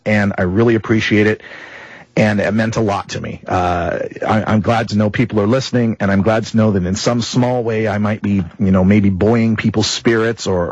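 A man's voice: fairly low pitch, breathy edge, dry recording, lo-fi sound. A man hosting a talk radio show, telling a story to listeners in a rambling, chatty way that corrects itself as he goes. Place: radio studio.

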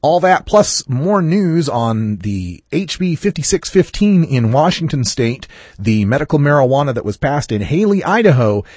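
A man's voice: mid-range voice, slightly rough, dry recording, clean studio sound. A man hosting his own podcast, talking through news and happenings in a chatty, wry way. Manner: lively, wry, chatty delivery. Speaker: podcast host. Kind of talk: casual podcast monologue.

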